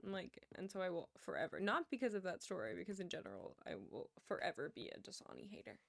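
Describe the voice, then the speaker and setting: A woman's voice: on the low side, big pitch swings, quick pace, creaky. Chatty young woman streamer. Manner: chatty storytelling, laughs often, mutters while playing. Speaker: livestreamer. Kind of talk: casual chat while gaming.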